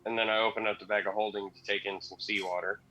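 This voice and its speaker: A man's voice: fairly low pitch, little pitch movement, fast talker, sharp tone, lo-fi sound. A man playing a tabletop game, talking casually with plenty of fillers. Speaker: player.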